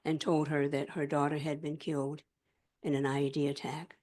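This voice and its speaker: A woman's voice: low-pitched, flat delivery, normal speed, darkish tone. A middle-aged woman, a former state senator, giving an impassioned speech, retelling stories earnestly and repeating key phrases for emphasis. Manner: rhetorical questions answered with firm conviction.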